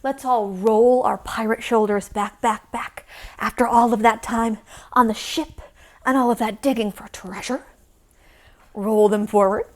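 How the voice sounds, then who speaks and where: A woman teaching a yoga class to young children, gentle and encouraging as she leads the poses. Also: a little high, fairly even intonation, unhurried.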